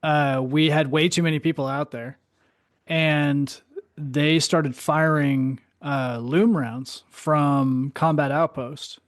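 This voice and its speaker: Guy telling war stories on a podcast, kinda high voice, laughs a lot, swears, dry mic. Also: takes it slowly, no room sound. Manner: animated storyteller, swears, laughs often. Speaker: podcast host, Marine veteran. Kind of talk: casual chat.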